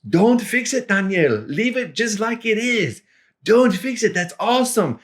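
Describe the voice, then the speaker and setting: A man voicing a delighted male Spanish tutor who teases and encourages in high, excited exclamations. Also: normal speed, close to an everyday voice. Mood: gleeful.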